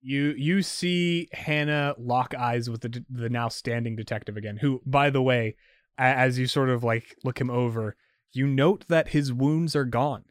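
A man's voice: mid-range voice, no echo. Man running a tabletop game, rambling, lots of fillers, dry close sound. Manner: rambling, full of fillers and restarts. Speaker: game master.

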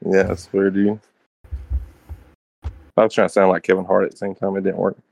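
A man's voice: deep voice, monotone, brisk, creaky, darkish tone, no room sound. A young man co-hosting a podcast, chatting loosely with friends, rambling with heavy slang and swearing and laughing often. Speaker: podcast co-host. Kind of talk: casual chat among friends.

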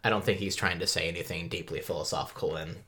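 Podcast cohost, man, very deep voice, reflective and easygoing. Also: steady tone, fast talker, sharp tone. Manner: thoughtful, musing, laughs often. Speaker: podcast co-host. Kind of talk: casual book discussion.

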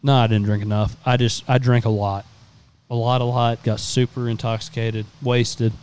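Smooth-voiced young man telling road-trip stories. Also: mid-range voice, little pitch movement, moderate pace, a little mellow. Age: 20s. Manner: rambling, profane storytelling. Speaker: podcast host. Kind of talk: casual chat.

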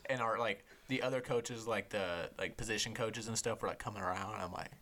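Bright-voiced young man telling stories. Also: on the low side, brisk. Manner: animated, profane storytelling. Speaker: podcast host. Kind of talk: casual chat.

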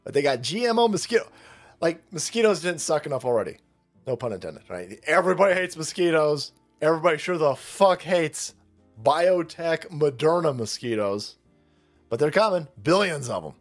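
Hosting a ranting political commentary show, a man speaks with a fairly high, animated voice at a moderate pace over faint music. His delivery is sarcastic, mocking and profane, and he puts on the voices of his opponents.

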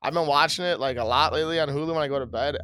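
A man's voice: on the high side, racing, a crowd in the background. Rambling, profane young podcast guy. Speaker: podcast co-host. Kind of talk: casual chat.

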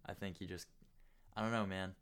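Deep-voiced joking young man. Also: steady tone, fairly quick, a bit bright, smooth. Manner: joking, teasing, agreeable, laughs often. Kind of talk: casual chat.

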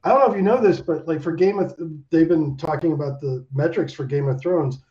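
A man talking in a casual video-call chat, animated and rambling, swearing freely with lots of fillers. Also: fairly high pitch, brisk, muffled recording. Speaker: animation director, guest.

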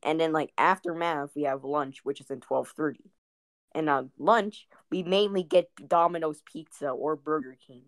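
Brief: deep-voiced woman, loose chatty podcast host, dry close sound. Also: normal speed, no echo. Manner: rambling, lots of fillers and giggles. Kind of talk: casual chat.

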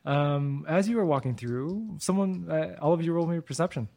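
A man's voice: fairly high pitch, fairly quick, vocal fry, warm tone. A man running a tabletop game as game master, narrating scenes in a playful, descriptive way on a radio show with a studio microphone. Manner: descriptive, playful, laughs often.

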